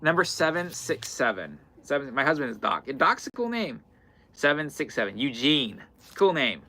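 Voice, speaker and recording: A man's voice: medium pitch, very animated, moderate pace, sharp tone. A man hosting a live-stream fabric sale, chatting casually and repeating item numbers as he goes. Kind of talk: live-stream sales chat. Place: indoor fabric shop in the far north.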